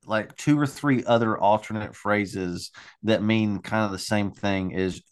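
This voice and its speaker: A man's voice: fairly low pitch, measured pace, a bit bright. A man co-hosting a casual true-crime podcast, joking and rambling, swearing casually. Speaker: podcast co-host.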